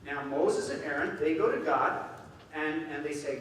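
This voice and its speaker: A man's voice: on the high side, moderate pace, a little hiss or hum. Man preaching from far off in an echoey hall. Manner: animated, acts out quoted voices. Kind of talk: sermon.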